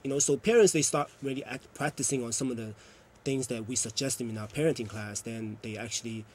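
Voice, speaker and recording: A man's voice: medium pitch, brisk, darkish tone. A man, a youth program coordinator, earnestly explaining at length in a TV interview. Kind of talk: TV interview answer.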